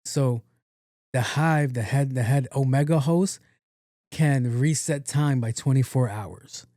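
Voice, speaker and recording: A man's voice: mid-range voice, slow, dark tone, no room sound, clean studio sound. A man hosting a podcast, recapping a movie in a rambling, profane, casual way and acting out the characters' lines. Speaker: podcast host.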